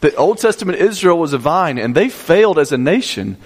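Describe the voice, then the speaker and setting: A man's voice: fairly high pitch, big pitch swings, brisk, long reverb tail. A male pastor preaching a sermon, teaching step by step, repeating key points and asking the congregation questions.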